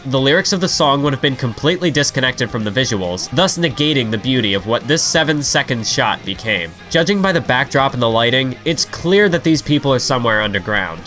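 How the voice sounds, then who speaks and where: A man's voice: medium pitch, a bit bright. A young man reading a scripted video review voice-over, analytical and now and then enthusiastic.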